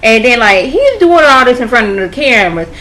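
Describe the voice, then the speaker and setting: A woman's voice: on the high side, sing-song, fairly quick, fairly bright tone, rough recording. A woman vlogger giving a casual, chatty recap of a TV episode and acting out the characters' lines as she goes. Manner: chatty, acts out the characters' lines in her retelling.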